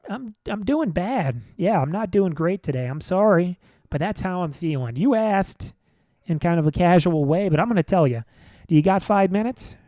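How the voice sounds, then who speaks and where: Man, podcast host, casual rambling chat, self-deprecating, offhand, somewhat high-pitched. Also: moderate pace, warm tone, dry recording, clean studio sound. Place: back room of a comedy venue.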